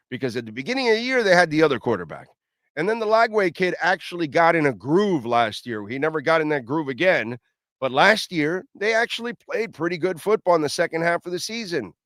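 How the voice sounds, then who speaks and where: A man's voice: fairly high pitch, a bit bright, no echo, clean studio sound. A middle-aged man hosting a sports talk radio show, ranting bluntly and lecturing listeners.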